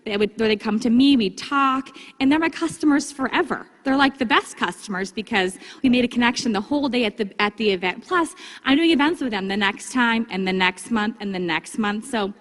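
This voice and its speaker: A woman giving a casual, upbeat training talk to her sales team, breaking into livelier, higher tones when she acts out chats with customers. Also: fairly quick, a bit bright. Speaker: direct sales consultant giving vendor training. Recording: long hall reverb.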